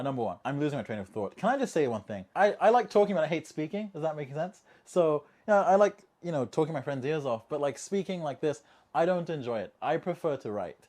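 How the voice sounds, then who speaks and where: A man hosting a casual monologue video, chatty and jokey, tossing in rhetorical asides and swinging between quiet remarks and loud bursts. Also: medium pitch. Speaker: language-learning video host.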